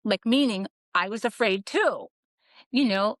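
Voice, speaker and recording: A woman's voice: mid-range voice, lively intonation, measured pace, dry recording. A middle-aged woman shares her life story as a podcast guest, earnest and reflective. She acts out the voices of people she quotes. The recording is dry and close, with almost no room sound. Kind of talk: candid personal storytelling.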